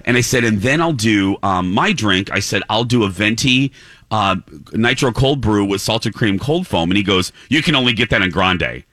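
A man hosting a morning radio show, telling a self-deprecating story with lively, animated delivery. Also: on the low side, normal speed, no room sound. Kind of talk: casual morning radio chat.

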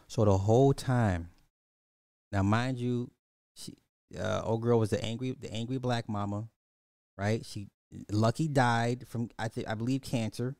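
A man's voice: mid-range voice, a little slow, dark tone, clear, resonant tone, no room sound, clean studio sound. A man hosting a podcast, animatedly recapping a movie, repeating phrases and acting out the characters. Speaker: podcast host. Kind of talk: casual movie recap commentary.

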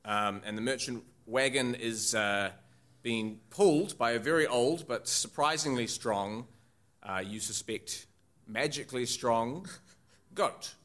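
A man narrating as game master of a tabletop game, playful and quick to laugh. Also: medium pitch, a bit bright.

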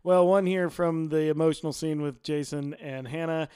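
A man's voice: fairly high pitch, fairly even intonation, normal speed, dark tone, clean tone, dry recording, clean studio sound. A man co-hosting a podcast, chatting casually and quoting favorite TV lines with relish and frequent laughter. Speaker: podcast co-host. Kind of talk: casual chat about a TV episode.

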